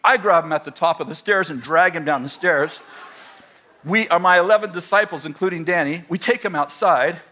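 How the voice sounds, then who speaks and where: Male preacher, middle-aged, high and bright tone, storytelling sermon in front of a congregation. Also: a little fast. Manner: storytelling, animated retelling with voiced quotes. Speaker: pastor.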